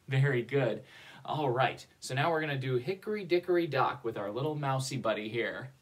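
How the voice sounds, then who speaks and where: A woman librarian leading a children's sing-along in a library, gentle and soft-spoken, playing along with a mouse puppet. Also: very deep voice, expressive, moderate pace. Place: library with a big clock.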